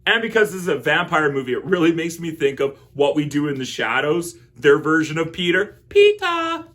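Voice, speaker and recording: A man giving a casual, excitable film review, chatty and quick to laugh. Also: on the high side.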